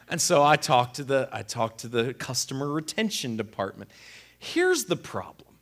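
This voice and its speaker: A man telling a personal story in an animated, sarcastic, exasperated way. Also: mid-range voice, normal speed. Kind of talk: conversational storytelling.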